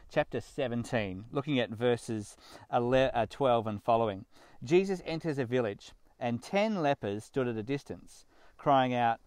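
This pastor delivers a sermon in earnest, emphatic style, pushing up on his key words with rising stresses. His mid-range voice has a darkish tone, and the recording has no room sound.

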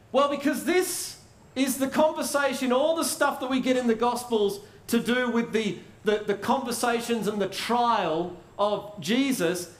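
A man preaching a sermon in a conversational way, asking rhetorical questions and pausing for effect. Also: very high voice. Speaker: pastor. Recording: roomy echo.

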